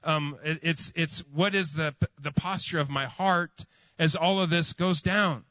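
A man's voice: on the high side, a little slow, pushed and bright, no room sound. A man preaches a sermon, telling a long personal story full of fillers and restarts. His voice is dry and close. The sound is slightly muffled. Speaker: pastor.

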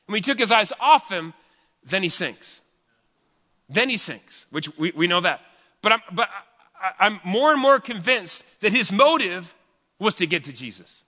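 A man's voice: high-pitched, animated, moderate pace, sharp tone, long reverb tail. A man preaching a sermon as pastor, talking in a conversational, joking way and often restarting his sentences.

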